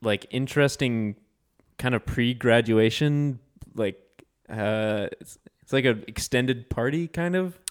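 This is a podcast co-host reading listener mail in a relaxed, meandering way. He pauses often and drags out his fillers. His voice is smooth and resonant at a middle pitch. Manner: relaxed, drawn-out hesitations. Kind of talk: casual chat.

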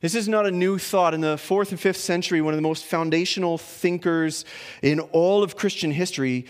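A man with a fairly high voice preaching a sermon. He talks in a conversational way, swinging between quiet reflective lines and loud animated ones, with playful asides along the way. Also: a little fast, clear, resonant tone. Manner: playful asides with small laughs and restarts. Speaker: pastor.

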